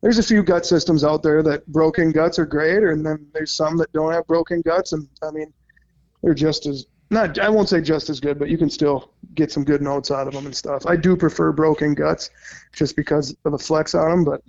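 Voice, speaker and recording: A man's voice: on the high side, fairly even intonation, moderate pace, a little mellow. A man from Minnesota, a podcast guest, talking casually and rambling a bit, with some swearing. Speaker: podcast guest, goose-calling competitor. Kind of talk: casual chat. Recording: dull lo-fi sound.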